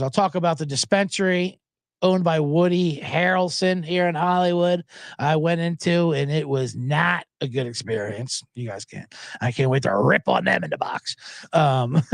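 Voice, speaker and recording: A man's voice: on the high side, creaky, no echo, studio quality. A man hosting a sports betting podcast, ranting in a casual monologue, swearing and acting out voices as he quotes people.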